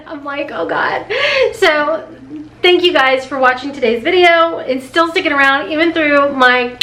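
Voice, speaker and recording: A woman vlogging an unboxing, her voice high and bright as she rambles, restarts and spills over with nervous feeling. She sounds close to tears. A faint hiss sits under her voice. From Kentucky, USA. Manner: rambling, emotional, talks in bursts with restarts. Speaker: beauty vlogger. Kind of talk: casual unboxing vlog chat.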